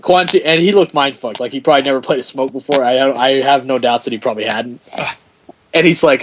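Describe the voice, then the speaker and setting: Male podcast host, mid-range voice, lively storyteller who laughs often; light hiss on the track. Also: mid-range voice, fairly quick, poor audio. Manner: animated storyteller, acts out quotes, laughs often. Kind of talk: casual chat.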